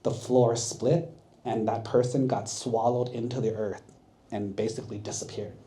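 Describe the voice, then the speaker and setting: Mellow-voiced monk teaching kids. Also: male voice, medium pitch, steady tone, normal speed. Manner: asks the audience questions, checks with 'right?'. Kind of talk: sermon for kids, storytelling. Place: temple.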